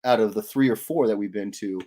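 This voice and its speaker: A man's voice: on the low side, a little fast, a crowd in the background. A man hosting a casual art livestream, rambling and laughing as he reads viewer comments aloud.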